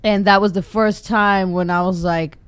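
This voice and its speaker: A woman's voice: mid-range voice, fairly even intonation, normal speed, smooth, dry recording. A woman from Israel, a stand-up comedian, telling stories candidly as a guest on a radio talk show. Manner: candid storytelling, swears. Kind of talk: casual chat.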